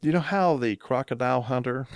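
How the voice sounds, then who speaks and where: A man's voice: mid-range voice, a little fast, dry recording, studio quality. A man co-hosting a casual chat podcast, telling a rambling story and laughing often. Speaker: podcast co-host.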